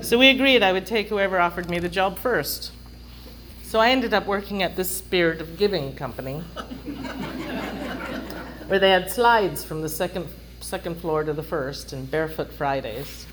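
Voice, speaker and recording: Middle-aged woman, wry storyteller, chatty, slightly low voice, faint background hiss. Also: moderate pace. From London. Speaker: speaker sharing a recovery story. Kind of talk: humorous personal storytelling.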